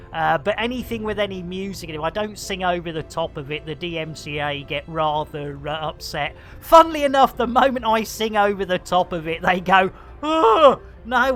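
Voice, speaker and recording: Excitable woman streamer. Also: mid-range voice. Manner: excitable, exclaiming, thanking viewers. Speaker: game streamer. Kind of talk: live gaming stream chat.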